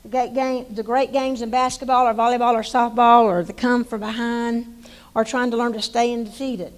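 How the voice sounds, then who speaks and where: A woman's voice: a little high, low-quality recording. Older East Texas woman, folksy speech. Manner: folksy storytelling with many restarts. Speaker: hall of fame inductee, former coach. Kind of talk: banquet acceptance speech.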